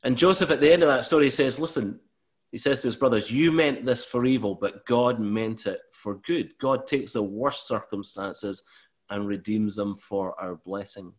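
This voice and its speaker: A man preaching a sermon in an earnest way, rising to emphatic, louder bursts when he gives voice to God. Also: on the low side. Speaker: pastor.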